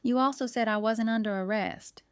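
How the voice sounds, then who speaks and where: A woman doing a shrill, snappish suspect. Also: moderate pace, smooth, no echo, clean studio sound, lightly acted. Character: sharp-tongued defensive woman suspect. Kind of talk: audiobook character reading.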